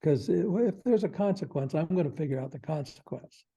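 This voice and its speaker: A man's voice: fairly high pitch, lively intonation, a little fast, warm tone, breathy edge, lo-fi sound. An older man, a guest expert on a podcast, explaining in a folksy way and acting out little quoted phrases with chuckles.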